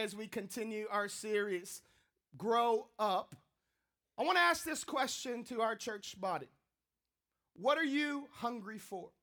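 A man preaching a sermon, telling a funny personal story in an animated, joking way. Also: extremely high pitch. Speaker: pastor.

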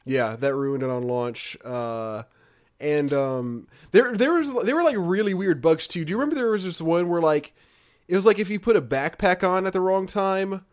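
A man's voice: high voice, moderate pace. A man co-hosting a casual gaming podcast, reading listener comments aloud and chatting with fillers. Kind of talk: casual chat.

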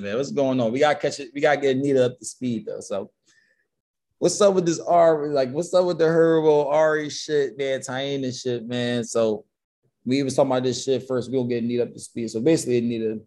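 A man's voice: medium pitch, fairly quick, warm tone. A man hosting a podcast, talking in a loose, slangy, sincere way. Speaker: podcast host. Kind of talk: casual podcast chat.

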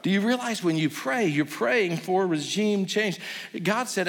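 Male pastor, high voice, dynamic sermon delivery, long hall reverb. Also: expressive, normal speed, creaky, a bit bright. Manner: dynamic preaching, rising and dropping to near whisper.

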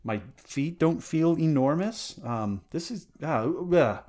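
Slow, halting man chatting. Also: a little high, animated, darkish tone. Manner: halting, full of fillers and restarts. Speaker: podcast co-host. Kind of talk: casual comedic chat.

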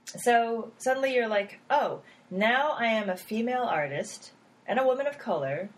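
A woman talking casually in an interview, with a lively, swooping pitch. She is animated, laughs often and acts out little quotes, with plenty of fillers and restarts. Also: low-quality recording. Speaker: app founder.

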